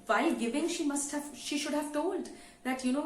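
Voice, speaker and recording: A female English teacher retells a story to her students conversationally, peppering it with "you know." Her voice sits high at a normal speed, and the roomy recording has faint ambience and a slight hiss or hum.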